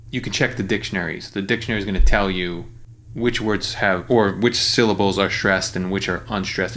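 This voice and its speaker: A man teaching lyric writing in a relaxed, explanatory way, with frequent fillers and restarts. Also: lowish voice. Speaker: songwriting teacher. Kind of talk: casual screen-share tutorial.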